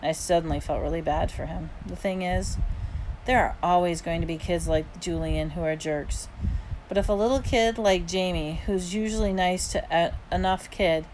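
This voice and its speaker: A woman's voice: fairly low pitch, normal speed, darkish tone, a little hiss or hum, low-quality recording. A woman reading an audiobook aloud in the first person, in a casual, conversational way. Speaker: audiobook reader.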